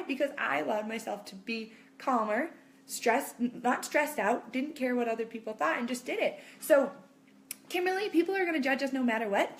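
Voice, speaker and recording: A woman in her thirties with a high-pitched voice chats casually to camera as a mom vlogger. She reassures viewers and acts out quotes in animated voices.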